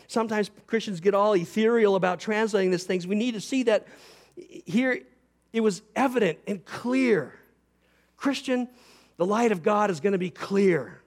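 A pastor preaching a sermon, explaining Greek grammar and acting out short quotes. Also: male voice, high-pitched.

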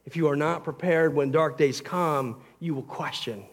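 A man preaching a sermon as pastor, earnest and emphatic, swinging between loud passages and quiet ones. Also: on the high side, moderate pace.

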